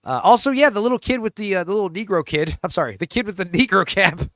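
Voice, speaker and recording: A man's voice: high voice, expressive, fast talker, a bit bright, dry recording, clean studio sound. A man hosting a casual movie riff, rambling with lots of fillers and laughs, cracking crude jokes. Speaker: podcast host riffing on a movie trailer. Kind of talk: casual chat.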